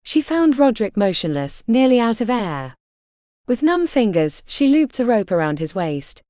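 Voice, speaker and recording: A woman narrating a historical romance audiobook in an expressive, dramatic reading. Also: fairly high pitch, moderate pace, no room sound, clean studio sound.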